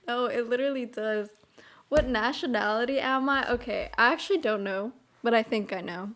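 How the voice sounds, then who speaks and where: A woman's voice: on the high side, moderate pace. A young woman streaming and chatting casually with viewers, bubbly and rambling, often giggling. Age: young adult. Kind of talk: casual chat.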